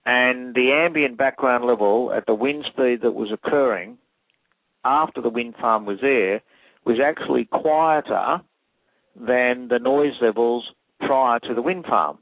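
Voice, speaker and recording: A man's voice: mid-range voice, measured pace, no room sound. A man, an acoustic engineer explaining technical details methodically in an interview. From Australia. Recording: tinny phone line.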